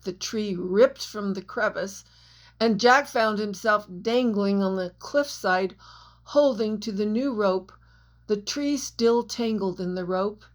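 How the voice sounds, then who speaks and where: A woman reading her own novel aloud as audiobook narrator, in a measured storytelling manner. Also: medium pitch.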